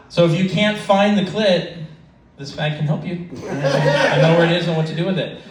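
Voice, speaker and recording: A middle-aged man tells crude, meandering stories on a club stage, filling gaps with ums and likes. His voice sits a little high and lands on the recording from afar with a roomy echo. A loud audience laughs in the background. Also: moderate pace, a crowd in the background. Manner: crude, rambling storytelling with frequent fillers. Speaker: stand-up comedian. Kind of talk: stand-up comedy set. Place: comedy club open mic. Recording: echoey club from a distance.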